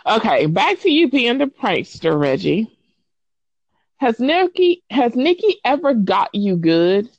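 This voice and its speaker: Slow-talking woman host. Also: a little high, very animated, darkish tone, no room sound, muffled recording. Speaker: podcast host. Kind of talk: casual interview chat.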